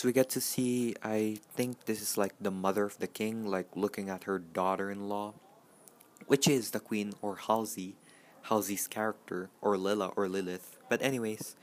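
A man giving a casual, profane movie reaction, chatty and full of filler words. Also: fairly low pitch. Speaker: film reaction vlogger.

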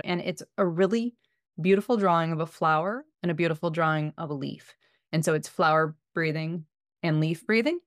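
Woman cohost, bit lower voice, chatty practical parenting tips, dry. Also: dry recording. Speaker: podcast co-host. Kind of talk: casual chat.

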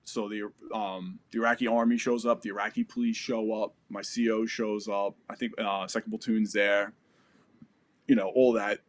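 A man telling a combat story from his military service in a casual, animated and profane way. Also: fairly low pitch, moderate pace. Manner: animated, profane, acts out quotes. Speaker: military veteran.

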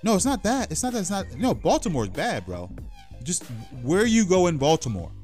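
A man co-hosting a podcast in casual chat, animated and stammering, repeating his words. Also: high voice, normal speed, soft background music. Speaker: podcast co-host.

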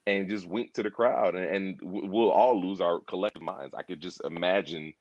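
Man, low voice, animated rambling chat, dry dull recording. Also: moderate pace, dry recording. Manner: animated, rambling, repeats himself, acts out quotes. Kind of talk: casual pop culture discussion.

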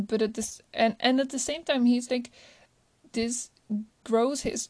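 A woman's voice: a little high, fairly even intonation, unhurried, darkish tone, no echo. A woman chatting casually about a movie she loves, gushing and rambling, often restarting her sentences. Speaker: movie reviewer. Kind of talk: casual chat.

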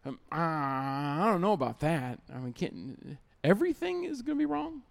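A man's voice: fairly high pitch, big pitch swings, normal speed, gravelly. A man preaching a sermon as pastor, emphatic, repeating key lines and acting out little everyday scenes.

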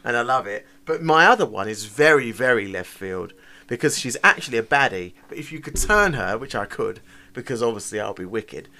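A man co-hosting a casual podcast chat, enthusiastic and quick to laugh. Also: medium pitch, animated, bright, forceful tone. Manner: chatty, enthusiastic, laughs often. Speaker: podcast co-host.

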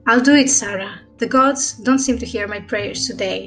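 A woman's voice: medium pitch, moderate pace, a bit bright, natural voice. A woman reading the lines of a desperate young mother who pleads to save her dying baby, over faint music.

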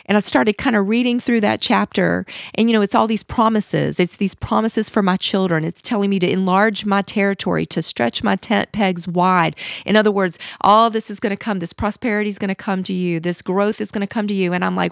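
A woman's voice: mid-range voice, steady tone, normal speed, gravelly, dry recording, clean studio sound. A middle-aged woman hosting a podcast, telling her personal faith testimony in an earnest, confessional way. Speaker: podcast host.

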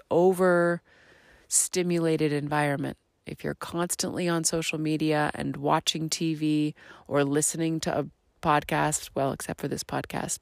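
A woman hosting her own podcast, talking in a slow, earnest, reflective monologue that drifts into soft half-whispers. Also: low voice, gravelly, no echo, clean studio sound. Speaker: podcast host.

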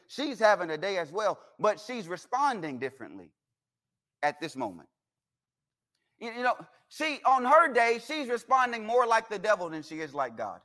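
Man, high voice, guest preacher, folksy humorous sermon, church service. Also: sharp tone. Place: church sanctuary.

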